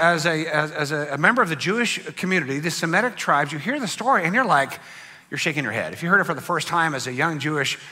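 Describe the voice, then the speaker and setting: A man preaching a sermon, telling a story dramatically and swinging between loud bursts and hushed lines. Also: on the high side. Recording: long hall reverb with faint music.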